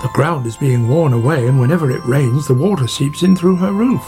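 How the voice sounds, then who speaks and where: A man's voice: medium pitch, brisk, dark tone, soft background music, lightly acted. A man voicing a chatty, friendly male otter in a storybook, talking in a conversational way.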